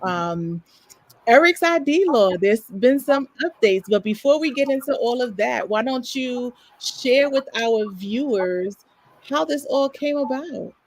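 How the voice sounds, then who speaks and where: A woman hosting an interview, warmly encouraging her guests and cheering them on. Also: fairly high pitch, animated, a little slow, no echo, poor audio. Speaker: host. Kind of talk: casual interview chat.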